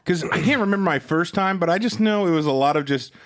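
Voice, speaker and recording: A young man co-hosting a casual podcast, reacting quickly and laughing often. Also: high-pitched. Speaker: podcast co-host. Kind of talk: casual chat.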